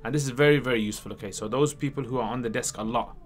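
Rapid-fire delivery and a mid-range voice mark this man, who is running a casual livestream Q&A. He answers questions chattily, frequently tagging his lines with "yeah?"

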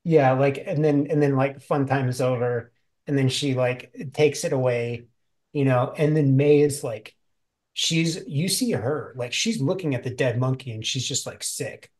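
A man narrating as game master of a tabletop game, halting and full of fillers and restarts. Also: medium pitch, darkish tone.

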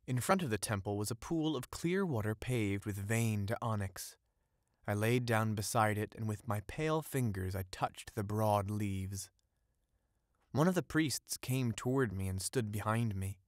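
Low-voiced man reading a fairy tale. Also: measured pace, no room sound, clean studio sound. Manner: steady, ornate storytelling read. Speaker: audiobook narrator. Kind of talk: scripted audiobook narration.

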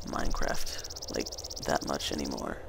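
A man's voice: a little slow, background noise. A young man rambling through casual gameplay commentary, hesitant, with many fillers and restarts. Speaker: gaming YouTuber.

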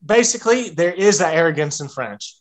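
A man's voice: on the high side, lively intonation, fairly quick. A young American man on a podcast, casually rambling with frequent restarts and "like" fillers. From United States. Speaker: guest, serving legionnaire.

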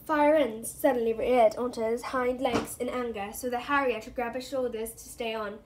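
A woman reading a novel aloud in a steady storytelling manner, with a few slips. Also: on the high side, moderate pace, hardly any pauses, slight background noise. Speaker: reader.

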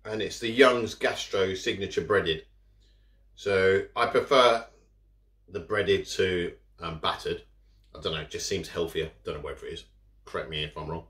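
Man, food vlogger, talks with mouth full, fairly low voice, roomy echo. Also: normal speed, a bit bright. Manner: rambling, chatty, eating and talking with mouth full. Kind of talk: casual eating vlog chat. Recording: echoey room. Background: cutlery and dishes.

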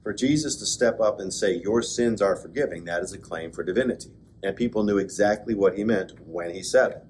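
A man, a pastor, giving a conversational Bible class lecture, with joking asides and bursts of excited emphasis. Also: fairly low pitch, fairly quick, hardly any pauses, a little hiss or hum. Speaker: pastor teaching an adult class. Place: church classroom.

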